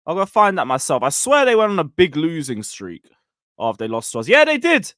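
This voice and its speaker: A man hosting a casual football livestream, reading out chat and calling for likes. His voice sits a bit high and moves around lively. The sound is dry and close. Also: fairly quick, no room sound. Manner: chatty, reads out chat messages. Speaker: livestream host.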